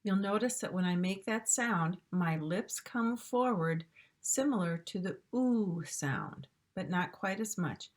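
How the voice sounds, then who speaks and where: A woman's voice: medium pitch, lively intonation, a little slow. A woman teaching English pronunciation, modeling sounds carefully and repeating drill words. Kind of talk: slow instructional pronunciation lesson.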